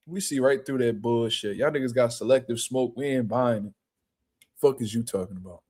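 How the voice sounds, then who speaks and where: A man's voice: medium pitch, moderate pace, a little mellow, breathy edge. A man hosting a casual boxing talk stream, reading out chat and riffing in profane street slang with mocking impressions. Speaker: boxing show host.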